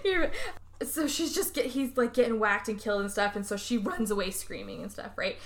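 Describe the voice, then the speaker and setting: A woman co-hosts a casual podcast chat, recapping a movie in an animated way and acting out the characters' lines in lots of voices. Her voice is medium-pitched and brisk, with a crowd audible in the background.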